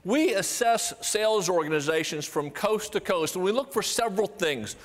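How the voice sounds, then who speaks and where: With faint music behind him, an older man gives a motivational sales talk in a high-pitched voice at a moderate pace. He tells stories with animation, imitates the voices he quotes, and challenges the audience with rhetorical questions.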